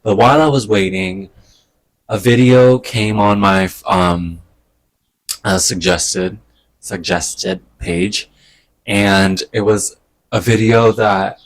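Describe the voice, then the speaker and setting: A man talking in a casual personal vlog, hesitant and rambling, getting emotional with soft laughs. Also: on the low side, steady tone, takes it slowly, long pauses. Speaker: vlogger. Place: indoors at home during a move.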